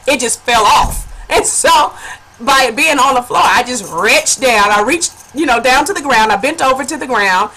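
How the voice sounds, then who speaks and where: A woman with a fairly high, bright voice tells a personal story straight to her viewers. She is animated and laughs often, and she keeps calling them honey. It sounds like a casual home vlog. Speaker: vlogger.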